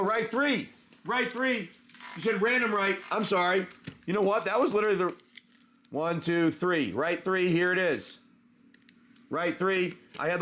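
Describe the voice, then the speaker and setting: A man with a somewhat high voice runs a live card-pack stream. He talks casually to his viewers and calls them by name. His speech wanders and is filled with "um" and "uh". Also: fairly bright tone, a little hiss or hum. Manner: chatty, greets viewers by name, many fillers. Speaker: live stream host opening card packs.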